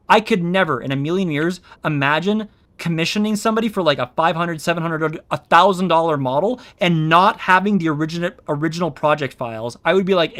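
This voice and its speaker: A man streaming as a VTuber talks briskly in a slightly high, fairly bright voice. His casual chat rambles, and his explanations are thick with fillers and restarts, captured on his own streaming mic.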